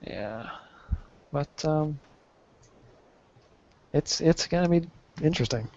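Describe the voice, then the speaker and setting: A man's voice: a little high, takes it slowly, darkish tone. A man in casual chat, laid-back and often stumbling over his words. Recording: dry, muffled lo-fi recording.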